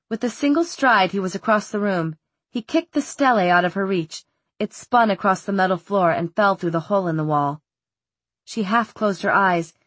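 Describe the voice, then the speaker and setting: Woman, audiobook narration, steady storytelling, dry recording. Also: mid-range voice, no room sound. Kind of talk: scripted narration.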